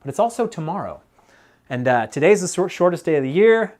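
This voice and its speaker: A man's voice: on the high side, sing-song, brisk, darkish tone, a little hiss or hum. A man chatting casually on a live stream while he works on a mountain bike, rambling with lots of fillers and laughs.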